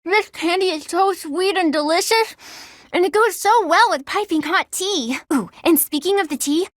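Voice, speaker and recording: A woman voicing an earnest, hardworking young student in a video game, eager to please and quick to giggle. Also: very high-pitched, no echo, clean studio sound. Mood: cheerful.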